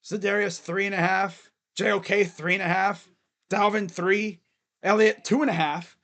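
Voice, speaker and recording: Guy with a pretty high voice rambling through a fan livestream, chatty and loose. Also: fairly even intonation, moderate pace, fairly bright tone. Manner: rambling, loose, talks to chat. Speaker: sports fan livestream host. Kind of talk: casual livestream chat.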